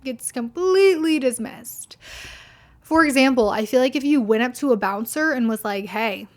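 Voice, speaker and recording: A woman's voice: high voice, lively intonation, moderate pace. A young woman hosting a podcast, telling a personal story in a blunt, indignant way, full of swearing and "like". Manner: blunt, heavy swearing, frequent "like"; indignant, venting. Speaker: podcast host. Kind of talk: casual storytelling monologue.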